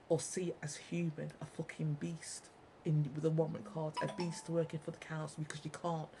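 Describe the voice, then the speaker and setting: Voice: mid-range voice, dark tone, a little hiss or hum, low-quality recording. A speaker in an angry monologue to viewers, ranting, repeating and swearing heavily. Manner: ranting, heavily profane, repetitive. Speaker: vlogger.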